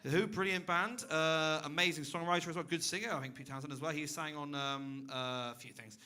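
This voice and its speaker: Young male comic, fairly high bright voice, deadpan self-mockery on a club stage mic. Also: fairly quick, clean tone. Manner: dry, self-mocking, chatting with the crowd. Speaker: stand-up comedian. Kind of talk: stand-up comedy set. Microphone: handheld stage mic.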